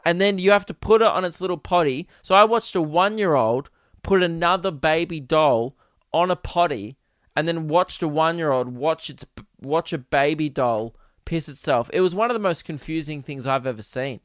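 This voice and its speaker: A man's voice: a little high, moderate pace, fairly bright tone, no echo, studio quality. A young man hosting a solo podcast, telling rambling, profane comic stories in a casual chat. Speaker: podcast host. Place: home podcast setup.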